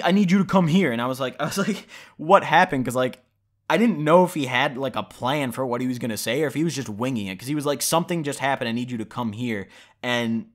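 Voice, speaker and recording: A young man vlogging, telling a casual story in a rambling, profane way with lots of fillers. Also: medium pitch.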